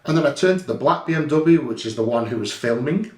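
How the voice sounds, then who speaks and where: A man's voice: medium pitch, lively intonation, fast, darkish tone, roomy sound. A man telling a story over security footage in a blunt, heated way, swearing freely. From England. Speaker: guest recounting an incident.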